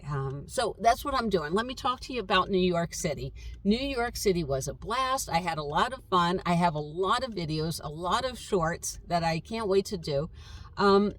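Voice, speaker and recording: A woman's voice: lowish voice, lively intonation, moderate pace, a bit bright. A woman vlogging casually from inside her camper van, thinking aloud and meandering with lots of uh and um fillers. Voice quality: voice others compare to a chatty cartoon fish. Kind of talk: casual rambling chat to camera.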